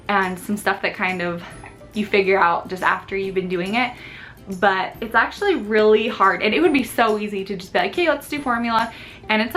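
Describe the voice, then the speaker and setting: A woman's voice: mid-range voice, fairly bright tone. A woman in her twenties, a vlogging new mom, chatting casually to camera and saying "like" a lot. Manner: chatty, fills talk with "like".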